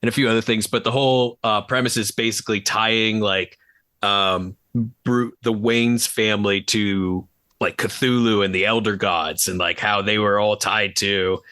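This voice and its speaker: A man's voice: fairly low pitch, sharp tone, no room sound. A man co-hosting a podcast, chatting casually and enthusiastically about films with lots of fillers. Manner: enthusiastic, rambling with many fillers. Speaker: podcast co-host. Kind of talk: casual film chat.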